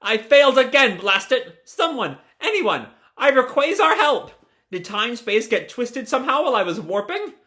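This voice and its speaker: A man voicing an excitable male genius scientist while reading a comic aloud. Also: brisk, hardly any pauses, heavily acted. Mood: frantic. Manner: shouting for help in a high panicked voice.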